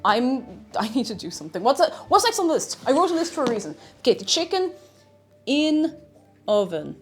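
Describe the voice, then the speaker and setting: Irish woman streamer, slightly high, very animated delivery, scatterbrained kitchen chatter over faint music. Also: brisk. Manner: chatty and scatterbrained, hums little tunes. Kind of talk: casual live-stream chat while cooking.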